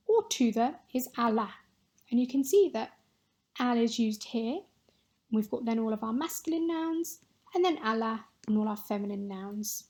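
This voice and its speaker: A woman teaching a recorded Spanish lesson, modelling words clearly and patiently for pupils to repeat. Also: on the high side, a little mellow.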